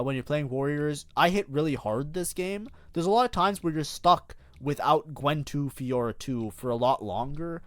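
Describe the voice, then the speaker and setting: With a slightly high voice and no room sound, a streamer goes over his own match in casual commentary. He swears plenty, lets frustrated outbursts fly, blames himself and keeps up a constant stream of talk.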